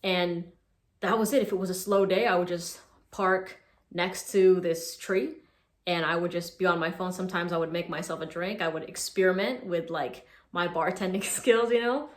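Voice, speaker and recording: A woman in her twenties telling stories in a casual vlog, chatty and animated, with lots of "like.". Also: on the low side, moderate pace, echoey room. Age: 20s. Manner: chatty, animated retelling with filler "like". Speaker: social media creator.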